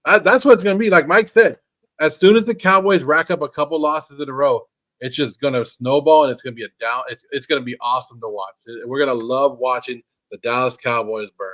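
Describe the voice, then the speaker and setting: A man's voice: medium pitch, a little fast, fairly bright tone. A man co-hosting a podcast, gleefully mocking a rival team in casual sports chat. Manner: mocking, gleeful trash talk. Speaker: podcast co-host.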